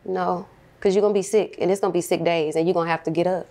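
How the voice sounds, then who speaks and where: A woman's voice: fairly low pitch, steady tone, fast, mellow. A woman in a casual group chat, speaking earnestly and stretching key words for emphasis.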